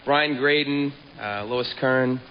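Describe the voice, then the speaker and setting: A man halting through a list of thank-yous on stage with many fillers, over broadcast audio. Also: mid-range voice, slight background noise. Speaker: award presenter. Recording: dull broadcast audio with crowd.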